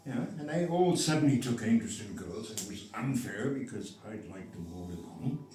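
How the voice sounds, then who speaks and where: A man's voice: mid-range voice, expressive, fairly quick, background noise. A man in his sixties telling a personal story in a rambling way, often digressing and restarting his sentences. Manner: digressive, self-interrupting, with frequent restarts. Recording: roomy echo, mic set far off.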